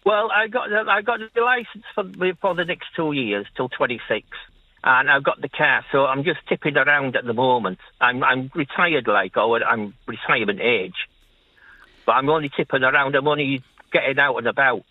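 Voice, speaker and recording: A man's voice: medium pitch, animated, moderate pace, dry recording. A man in his sixties with an Irish accent tinged by Leeds, a taxi-driving caller chatting in a rambling way and repeating himself. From Ireland. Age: 60s. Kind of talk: phone-in radio chat. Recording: tinny phone line.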